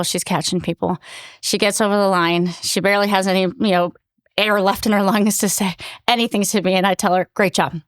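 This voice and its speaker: Middle-aged woman officer telling a story, earnest and animated, smooth clear voice, dry close sound. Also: on the low side, no room sound. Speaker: battalion commanding officer, guest. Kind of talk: conversational interview storytelling.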